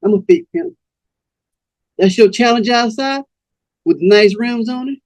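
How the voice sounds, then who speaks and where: A man voicing a smooth, cold-hearted male pimp who talks in a slow, cool, menacing drawl. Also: extremely high pitch, dry recording, voice pushed up.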